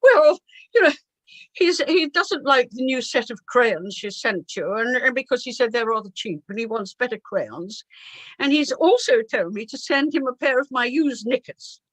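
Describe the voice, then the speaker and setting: A woman voicing a posh, excitable female secretary in an anecdote, speaking over a video call. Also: a little high, moderate pace, dry recording, low-quality recording. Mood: flustered.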